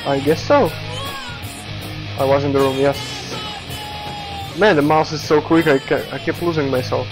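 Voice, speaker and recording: A man's voice: on the high side, normal speed, long pauses, music in the background, low-quality recording. A man giving casual let's play commentary, reading in-game texts aloud, stumbling over words and laughing at himself, recorded at home at his computer.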